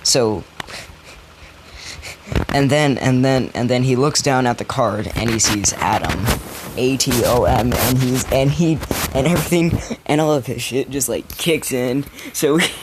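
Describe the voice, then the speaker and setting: Young man, casual storyteller, slangy and halting, noisy mic. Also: medium pitch. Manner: loose, slangy, halting with fillers and restarts.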